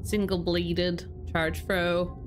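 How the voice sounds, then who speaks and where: A woman's voice: fairly low pitch, flat delivery, very slow, loud music behind the voice. A young woman streaming a video game, chatting casually, giggling and breaking off her own sentences. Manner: chatty, giggly, self-interrupting. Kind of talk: casual gameplay commentary.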